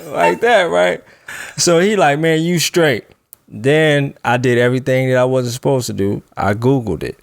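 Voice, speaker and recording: A man's voice: medium pitch, normal speed, vocal fry, dry recording, studio quality. A man casually telling a long personal story on a podcast, loose and laughing as he goes. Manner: laid-back, laughs while telling a story. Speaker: podcast co-host.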